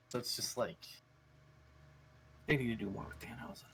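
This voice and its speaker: A man co-hosting a casual podcast chat, telling animated stories and swearing freely. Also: mid-range voice, moderate pace, husky. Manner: animated storyteller, swears a lot. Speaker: podcast co-host.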